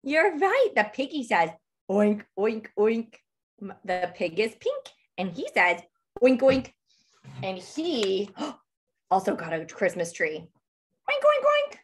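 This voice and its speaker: A woman reading a picture book aloud to toddlers, animated and sing-song, gasping with excitement and asking the children questions. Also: medium pitch, slow pace, husky. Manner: asks the children questions throughout. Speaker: toddler book club reader.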